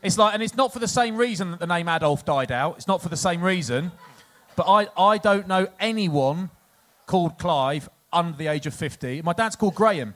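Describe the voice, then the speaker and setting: A man from England with a slightly higher voice spins a rambling anecdote for a live crowd. He is loose and chatty and laughs at his own stories. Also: expressive, brisk, a bit bright. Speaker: podcast co-host, former rugby player. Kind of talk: casual anecdote-telling before a live audience.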